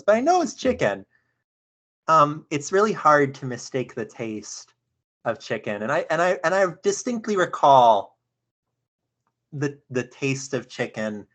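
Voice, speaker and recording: A young woman earnestly retelling a dream on a video call, halting, with many fillers and restarts. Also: extremely low pitch, fairly bright tone. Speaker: session participant.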